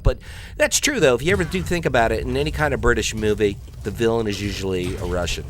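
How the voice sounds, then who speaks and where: A man's voice: lowish voice, a bit bright, slight background noise. A man hosting a let's play, rambling between topics, joking and taunting the enemies he fights. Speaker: gaming video host.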